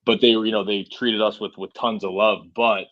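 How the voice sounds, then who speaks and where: A truck driver from Massachusetts in his forties rambles casually through stories on a podcast where he's a guest, frequently using "you know" and "right?". His delivery is flat at normal speed, with a voice on the low side and a fairly bright tone. The audio is dull, with no room sound.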